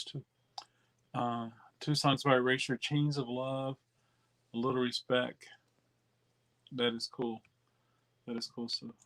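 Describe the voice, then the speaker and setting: A man chats casually as he hosts a live stream about records. He rambles in a relaxed way, full of fillers and restarts, and faint clicking sounds come in behind him. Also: mid-range voice. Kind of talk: casual live-stream chat reading viewer comments.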